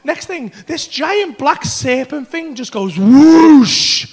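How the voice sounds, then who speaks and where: A man doing stand-up comedy, telling a story in a loud, animated way, full of swearing. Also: extremely high pitch, a little slow, gravelly. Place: comedy club stage.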